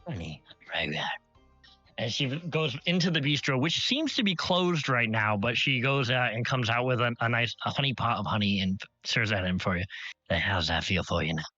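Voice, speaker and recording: A man's voice: medium pitch, sing-song, normal speed, sharp tone, dry recording. A man narrating a tabletop game as game master, describing scenes in detail and often correcting himself mid-sentence. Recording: slightly muffled stream audio, faint music.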